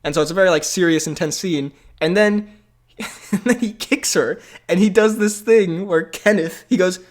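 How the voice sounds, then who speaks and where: A man's voice: high voice, moderate pace. A man co-hosting a casual podcast chat, rambling with fillers and laughing often. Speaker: podcast co-host.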